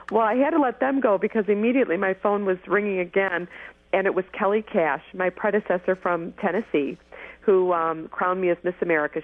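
A woman in her forties from Michigan, a guest telling stories in an eager rush, often restarting her sentences. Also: fairly low pitch. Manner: eager, tumbling phrases with frequent restarts. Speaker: guest, former pageant winner. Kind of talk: animated storytelling interview. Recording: tinny phone line, dry.

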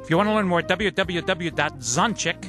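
A man hosting a radio talk show, announcing in a smooth, measured way. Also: high-pitched, lively intonation. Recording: loud music bed under voice. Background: loud instrumental music.

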